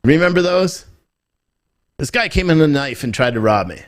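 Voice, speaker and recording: A man's voice: on the high side, expressive, moderate pace. A man from the United States giving off-the-cuff political commentary on a live stream. He repeats his points, asks rhetorical questions and often restarts his sentences. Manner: emphatic and repetitive, hammering points with rhetorical questions; rambling, with frequent restarts. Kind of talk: off-the-cuff commentary reacting to viewer chat.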